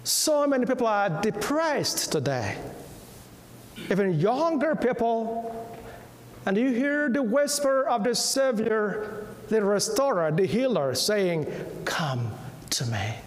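A man preaching a sermon slowly and emphatically, repeating key words and dropping to a hush at times. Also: high voice, lively intonation, slight background noise. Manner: softens to a hush when quoting. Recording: echoey hall reverb.

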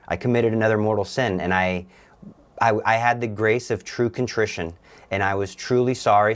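Young man, low voice, earnest testimony, halting delivery with frequent restarts. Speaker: guest. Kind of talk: personal testimony.

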